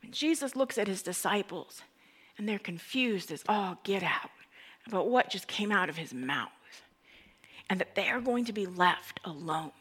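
Emotional woman pastor, bright voice. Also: mid-range voice, lively intonation, moderate pace, husky. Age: young adult to middle-aged, a parent. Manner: emotional, voice dropping to whispers. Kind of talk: sermon.

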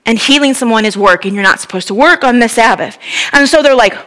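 A woman preaches with a bright, fairly high voice. She retells the story in a lively, conversational way and breaks in with asides to the listener. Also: fast. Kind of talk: sermon retelling a Bible story.

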